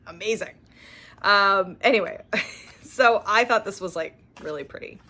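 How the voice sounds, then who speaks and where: Soft music plays behind this young Canadian cross-stitch host as she shows off her purchases in an unhurried, bright, forceful mid-range voice. She's gushing and chatty, scattering fillers and laughs throughout.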